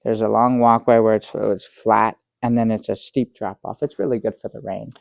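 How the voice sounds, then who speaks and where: An actor playing a bumbling middle-aged guest who rambles through a tall tale with many restarts, in improvised sketch comedy. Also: male voice, lowish voice, little pitch movement, normal speed, vocal fry, dry recording. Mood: dry, halting. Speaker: guest on a comedy talk show.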